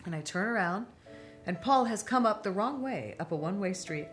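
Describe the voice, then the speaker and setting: A middle-aged woman telling a long, animated anecdote on a talk show. She laughs often and acts out the voices of the people in her story. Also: mid-range voice, brisk, soft background music.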